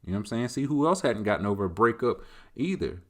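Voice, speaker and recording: A man's voice: lowish voice, very animated, fast. A man hosting a casual solo chat, answering listener questions in a loose, rambling way. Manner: loose, rambling, conversational, leaning on filler tags. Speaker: host.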